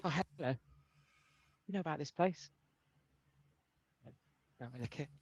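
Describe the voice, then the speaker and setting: Man doing a slow, wavering, nervous guy; hesitant mutterer, muffled sound. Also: fairly high pitch, a little mellow, slightly rough. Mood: uneasy. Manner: halting, wavering, muttering asides. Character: hesitant nervous man in a cold misty place. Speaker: panelist. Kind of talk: improvised comic impression.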